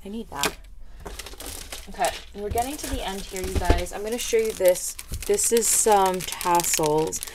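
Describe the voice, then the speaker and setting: A woman's voice: mid-range voice, normal speed, background noise. A woman hosting a craft vlog, gushing and rambling as she unboxes a package of handmade gifts. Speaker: craft video host. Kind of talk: casual unboxing chat.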